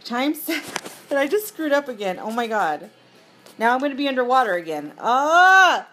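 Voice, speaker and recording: A woman chatting casually as she plays a mobile game, giggly and quick to apologize. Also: a little high, lively intonation, faint music behind. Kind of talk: casual gameplay commentary.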